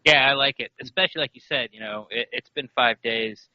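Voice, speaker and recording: A man's voice: mid-range voice, fairly quick, dry recording, muffled recording. A man co-hosting a casual sports podcast, laid-back and agreeable. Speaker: podcast co-host.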